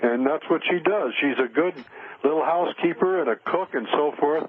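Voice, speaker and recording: A man's voice: a little high, normal speed. An older man, a spiritual counselor, telling a long rambling story in a radio interview, with many fillers and restarts. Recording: tinny phone line.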